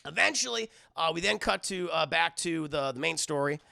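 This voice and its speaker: Gravelly, bright-voiced guy recapping to chat. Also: fairly high pitch, lively intonation, normal speed. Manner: rambling, fillers, addresses chat. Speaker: anime reviewer streaming live. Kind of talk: casual recap commentary to live chat.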